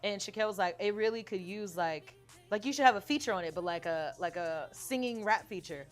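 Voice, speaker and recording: A young adult woman singer-songwriter in a casual interview, telling stories with frequent laughter and reading her own lyrics aloud softly. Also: medium pitch, fairly quick, soft background music. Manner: animated storytelling, laughs often.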